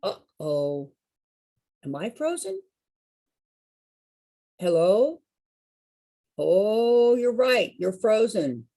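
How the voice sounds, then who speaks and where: A woman's voice: medium pitch, very animated, very slow, pauses often, dark tone. A woman leading a group activity session over a video call, talking in a playful, chatty and encouraging way. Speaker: activity leader.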